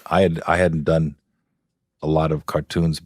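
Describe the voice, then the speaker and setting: Deep-voiced man telling stories. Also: unhurried, husky, no echo, clean studio sound. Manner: relaxed storyteller, chuckling. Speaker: guest. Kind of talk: casual chat. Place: podcast studio.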